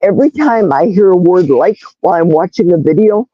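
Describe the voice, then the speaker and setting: A woman's voice: on the low side, lively intonation, fairly quick, no echo, lo-fi sound. A woman in her sixties hosting a casual livestream, rambling from one story to the next and reading viewers' chat comments aloud. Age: 60s. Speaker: livestream host.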